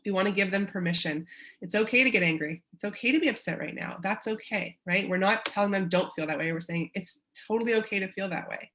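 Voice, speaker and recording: A woman's voice: mid-range voice, fast, fairly bright tone, a little hiss or hum. A woman with a Canadian accent presents a parenting webinar in an encouraging way, acting out short quotes of parents and children.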